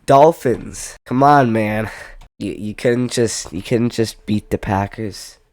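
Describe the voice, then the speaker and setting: In casual football picks commentary, a young vlogger with a lowish voice meanders at a slow, drawn-out pace, trailing off, correcting himself and tossing in wry asides. The recording is dry and close, without any room sound.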